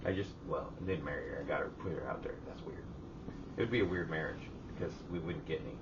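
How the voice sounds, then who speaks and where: A man's voice: extremely low pitch, fast, recorded from a distance, lo-fi sound, background noise. A man co-hosting a casual podcast from his garage, telling long profane stories, acting out other people's lines, hot and sweating. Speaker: podcast co-host. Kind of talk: casual chat. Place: home garage.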